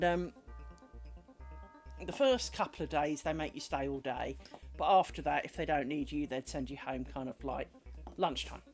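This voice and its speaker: A woman chatting casually on a live craft stream, rambling through stories and muttering at herself as she works. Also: low voice. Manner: mutters and scolds herself while working. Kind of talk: casual live-stream chat while working. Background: music playing.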